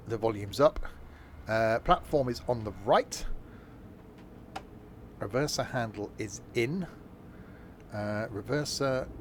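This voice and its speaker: Hoarse man rambling through a game stream. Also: mid-range voice, slight background noise. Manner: chatty, rambling, lots of fillers and self-corrections. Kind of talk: casual live-stream commentary.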